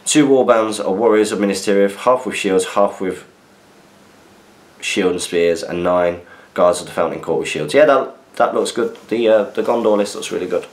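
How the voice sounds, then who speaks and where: Male podcast host, chatty and easygoing, deeper voice, answers listener mail, echoey room sound. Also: normal speed. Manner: chatty, reads listener messages aloud with asides. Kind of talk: casual chat. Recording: roomy echo.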